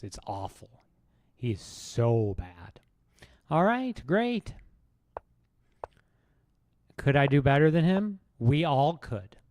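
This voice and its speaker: A man's voice: mid-range voice, gravelly, warm tone. A man streaming chess, rambling through a rude comic roast with lots of false starts. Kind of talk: casual streaming commentary while playing.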